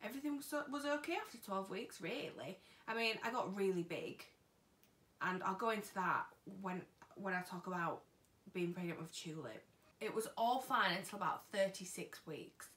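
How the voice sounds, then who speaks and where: A woman's voice: medium pitch, moderate pace, fairly bright tone, far from the mic. Woman, young adult, casual storytelling, echoey room. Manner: chatty, acts out what people said. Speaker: vlogger. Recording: echoey room, voice a bit off-mic.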